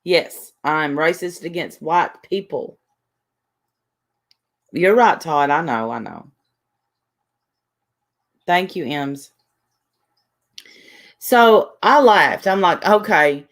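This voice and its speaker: A woman's voice: sits low, lively intonation, very slow, long pauses. A woman, chatting casually on a livestream, rambling defensively and reading viewers' messages aloud. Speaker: livestream host.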